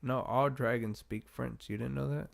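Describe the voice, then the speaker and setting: A man's voice: medium pitch, steady tone, moderate pace, gravelly. A man co-hosting a casual podcast in a laid-back, joking way, swearing freely. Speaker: podcast co-host. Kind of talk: casual chat.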